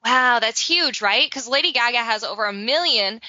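Chatty woman from Saskatchewan, bright voice. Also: on the high side, lively intonation, normal speed, dry recording. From Saskatchewan, Canada. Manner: chatty, laughs often, many fillers. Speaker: co-host. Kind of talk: casual celebrity gossip chat. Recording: dull lo-fi recording.

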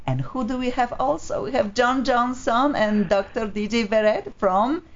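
A woman hosting a live talk show, chatty and playful, with halting restarts. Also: fairly high pitch, a little hiss or hum. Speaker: host. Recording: dull lo-fi sound.

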